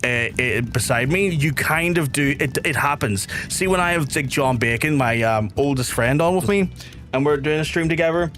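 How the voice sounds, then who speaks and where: A young man with a softened Belfast accent chats loosely to his stream audience, trailing off and circling back as he plays. His voice sits a little high for a man. Faint music plays in the background. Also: normal speed. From Northern Ireland. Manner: rambling, chatty, reads chat aloud. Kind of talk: casual game stream chat.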